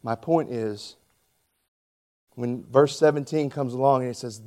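A man in his forties preaching a sermon as pastor, with animated, emphatic storytelling. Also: mid-range voice, measured pace.

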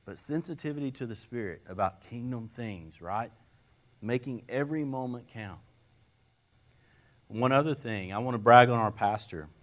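A man's voice: mid-range voice, lively intonation, normal speed. A man preaching a sermon, telling folksy personal stories with an earnest manner and frequent restarts. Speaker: lay preacher.

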